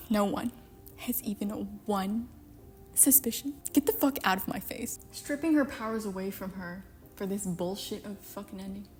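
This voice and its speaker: A woman's voice: medium pitch, slightly rough. A young woman giving a sarcastic, exasperated, profane rant about a book. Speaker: book commentary vlogger. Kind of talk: ranting book commentary.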